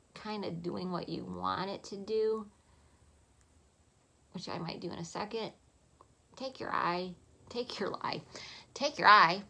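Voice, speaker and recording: A woman talking through a makeup tutorial in a soft, chatty voice, often dropping to a half-whisper. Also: mid-range voice, vocal fry. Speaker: makeup vlogger.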